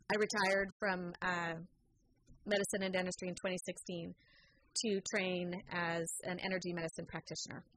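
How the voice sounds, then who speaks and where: A woman's voice: lowish voice, slight background noise, poor audio. A middle-aged woman, an interview guest, telling a personal story in a chatty way with many fillers. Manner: lively, acts out quoted voices; frequent fillers. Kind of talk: conversational storytelling.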